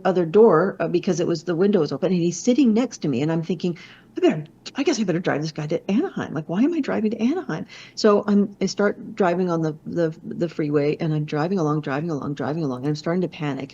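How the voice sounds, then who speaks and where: A woman who is a motivational speaker, telling a personal story in an expressive way, with many restarts and asides. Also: on the low side. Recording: slightly muffled lo-fi audio.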